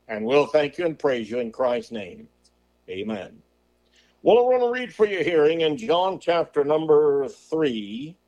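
Man preaching emphatically, fairly high voice. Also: a little mellow. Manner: emphatic preaching with rhetorical questions; slows and drawls on scripture quotes. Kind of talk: sermon.

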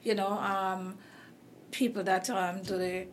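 A woman's voice: mid-range voice, flat delivery, takes it slowly, slight background noise. A woman with a Caribbean accent hosting a casual interview chat, rambling with many fillers and restarts while she is losing her voice. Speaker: host.

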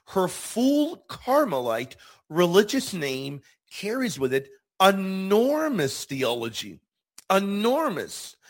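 A man hosting a Catholic devotional show, teaching with fervent, emphatic delivery and slowing down to stress key words. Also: on the high side, husky.

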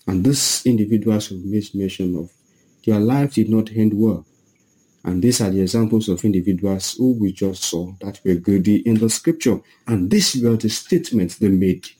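A man preaching with an emphatic, dramatic delivery. He acts out quoted lines in a raised voice. His voice is mellow and a little husky. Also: on the low side, moderate pace, low-quality recording. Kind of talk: sermon.

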